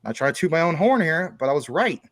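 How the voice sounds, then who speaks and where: A man's voice: fairly high pitch, sing-song, fast talker, no room sound. A man talking as a guest on a casual chat show, explaining things at length through long everyday analogies.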